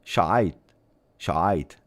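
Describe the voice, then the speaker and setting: A man's voice: low-pitched, animated, drawn-out words, exaggerated voice. A man voicing a mock Scottish man who grumbles and swears, in an exaggerated, raised put-on Scottish accent. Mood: mock-lamenting.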